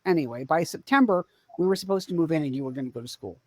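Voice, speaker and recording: A woman's voice: deep voice, lively intonation, racing, no echo. A woman in her forties co-hosting a podcast, telling a family story in a rambling, self-correcting way. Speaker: podcast co-host. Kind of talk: casual storytelling chat.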